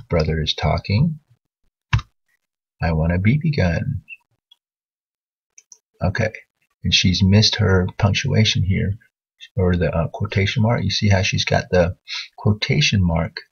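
A man's voice: deep voice, vocal fry, slightly rough, highs cut off. A man teaching a writing lesson over a screen recording, patiently correcting a student's work as he thinks aloud.

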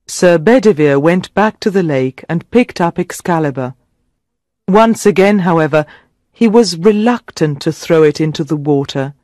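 A man with a fairly high voice narrates a simple story for English learners. His reading is clear and dramatic. The sound is close and dry. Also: expressive, normal speed, a little mellow, no room sound.

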